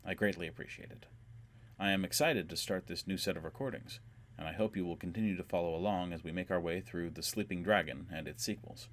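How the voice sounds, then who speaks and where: A man narrating an audiobook in a calm, measured way. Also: deep voice, a little hiss or hum.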